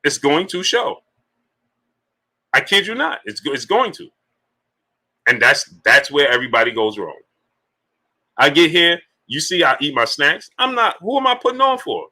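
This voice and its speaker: Bright, emphatic man on a stream. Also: fairly high pitch, moderate pace. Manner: animated, repetitive, emphatic rhetorical questions. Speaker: live-stream boxing commentator. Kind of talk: live-stream commentary reading super chats.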